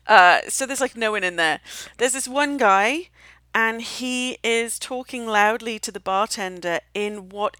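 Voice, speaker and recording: Lively British woman telling stories. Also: mid-range voice, dry recording. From Britain. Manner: animated storyteller, does voices in quotes. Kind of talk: casual chat.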